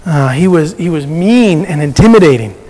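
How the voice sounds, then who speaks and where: Guy with a high voice telling a faith story, talks like he's chatting, lots of restarts, hall reverb. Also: lively intonation, moderate pace, mellow. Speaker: speaker sharing a personal testimony. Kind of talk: personal faith testimony.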